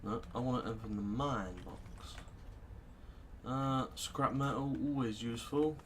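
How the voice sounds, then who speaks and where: A man's voice: mid-range voice, measured pace, slight background noise. A British man hosting a let's play, muttering casual gameplay commentary in a sarcastic manner and swearing freely. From Britain.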